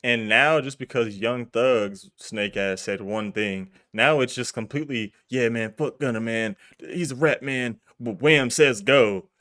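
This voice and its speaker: A man's voice: medium pitch, a little slow, hardly any pauses, a bit bright, dry recording. Blunt, profane man in a dry room. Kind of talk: casual reaction chat.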